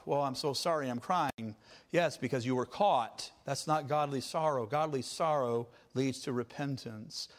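Emphatic male preacher. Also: mid-range voice. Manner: emphatic, repeating phrases and building to loud climaxes. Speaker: pastor. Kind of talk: sermon.

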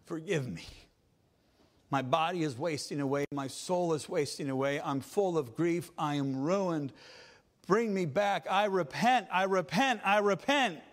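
A man's voice: a little high, moderate pace, few pauses, voice pushed up, lightly acted. A man voicing a penitent man who pleads for forgiveness in a raised, strained voice. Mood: pleading.

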